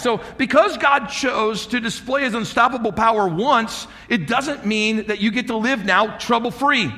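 Man, pastor, sermon, emphatic, rhetorical questions, high voice, long reverberant hall. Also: normal speed, few pauses, bright, forceful tone. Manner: emphatic preaching, asks the crowd rhetorical questions.

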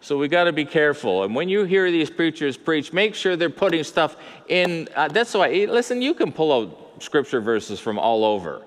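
A man's voice: a little high, sing-song, normal speed, hardly any pauses. An older man preaching a sermon as a pastor, talking in a conversational way with asides and rhetorical questions. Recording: long hall reverb.

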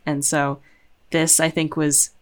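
A woman co-hosting a podcast speaks slowly in a low-pitched, level voice during a casual chat. She comes across as thoughtful and hesitant, with many ums.

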